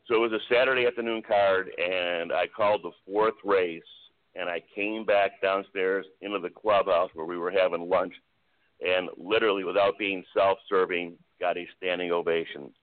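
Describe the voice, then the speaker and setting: A man's voice: low-pitched, steady tone, moderate pace. An older man, a veteran racetrack announcer, telling chatty anecdotes as a guest on a radio interview. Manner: chatty anecdotal storyteller, many "I said, he goes" retellings. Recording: phone-line call-in audio.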